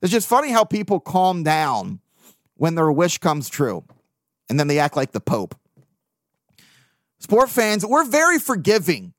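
A man's voice: on the high side, wildly swooping pitch, measured pace, long pauses, no room sound, clean studio sound. A man hosting a sports podcast, venting bluntly and profanely in casual talk. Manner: blunt, profane, venting, with mocking put-on quotes. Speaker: podcast host.

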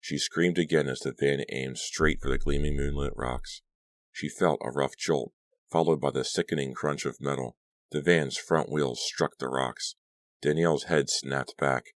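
A man reading a horror novel aloud as an audiobook, in steady, measured storytelling. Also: a bass voice, no echo. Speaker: audiobook narrator. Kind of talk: scripted audiobook narration.

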